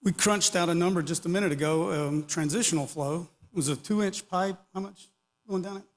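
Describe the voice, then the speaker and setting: A man's voice: high voice, moderate pace. Man, middle-aged or older, folksy conference speaker, rambling with jokes, reverberant hall. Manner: folksy, rambling, joking asides. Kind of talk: casual technical talk to an audience.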